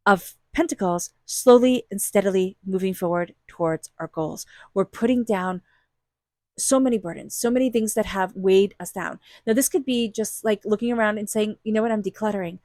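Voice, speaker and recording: A woman reads tarot cards in an earnest, encouraging voice and repeats her key phrases for emphasis. She speaks at a middling pitch, close to a dry mic with no room sound. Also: a little mellow, no echo. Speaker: tarot reader. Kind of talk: intuitive tarot reading.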